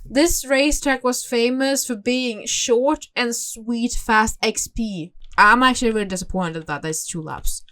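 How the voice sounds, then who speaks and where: A young woman hosting a gaming channel, giving casual gameplay commentary with expressive, exclaiming reactions as she thinks aloud. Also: fairly high pitch, a little slow, hardly any pauses.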